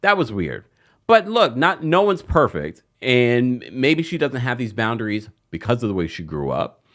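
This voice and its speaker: A man's voice: medium pitch, very animated, normal speed, a bit bright. A man hosting a casual reality TV recap, chatty and gossipy, with playful asides. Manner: acts out the cast's lines in put-on voices.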